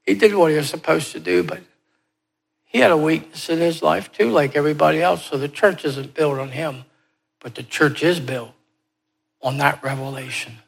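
Man, preacher, sermon, slightly high voice, emphatic, repeats key phrases. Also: moderate pace, vocal fry, breathy edge.

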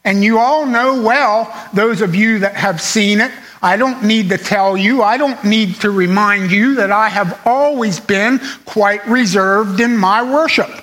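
High-voiced bright-toned preacher. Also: male voice, unhurried, few pauses, poor audio. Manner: earnest, emphatic, repeats phrases for stress. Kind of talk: sermon.

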